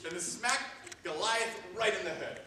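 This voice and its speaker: A man's voice: high voice, lively intonation, measured pace. A man hosting a youth ministry sound effect skit, talking in a playful, teasing, sarcastic way to a live audience. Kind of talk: live comedic audience game. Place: large hall with live audience. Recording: echoey hall from far off, audience noise.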